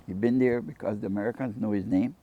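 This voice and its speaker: A man's voice: on the low side, quick pace, no room sound, narrow, tinny audio. An older Caymanian man, a fisherman and jewelry maker, telling rambling stories in an interview and acting out the dialogue. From Cayman Brac, Cayman Islands. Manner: animated storyteller who acts out quoted dialogue. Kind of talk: rambling anecdotal storytelling.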